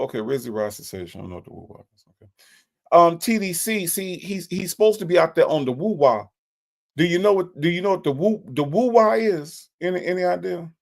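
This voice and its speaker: A man hosts a casual live stream, reading viewers' comments aloud. His voice has a gravelly, fry-tinged edge, and his pitch swings widely as he repeats himself in disbelief. His talk is loose and full of stammered restarts. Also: darkish tone. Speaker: live stream host reacting to a phone call.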